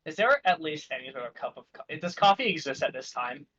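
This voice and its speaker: Young man, high voice, very lively pitch, tabletop player, slightly muffled. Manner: quick, lively questions, stumbles over words. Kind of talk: casual tabletop play.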